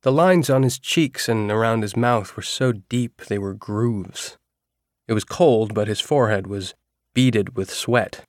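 A man reading a novel aloud as a first-person narrator, in a steady storytelling manner. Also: lowish voice, measured pace, no room sound, clean studio sound. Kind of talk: audiobook narration.

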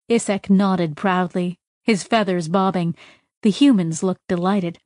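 A woman's voice: fairly low pitch, a little slow, a little mellow, no room sound. Woman narrating a story, dry close sound. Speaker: audiobook narrator. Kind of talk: scripted narration.

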